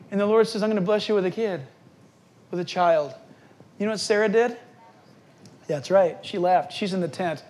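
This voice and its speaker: A middle-aged man preaching a sermon as pastor, telling the story in a lively, animated way and speaking straight to his listeners. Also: high voice.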